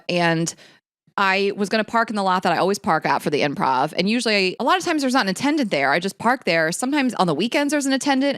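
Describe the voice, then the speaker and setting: A woman's voice: medium pitch, no echo, studio quality. A woman co-hosting a podcast, telling a story in casual chat, chatty and laughing as she goes, swearing freely. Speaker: podcast co-host.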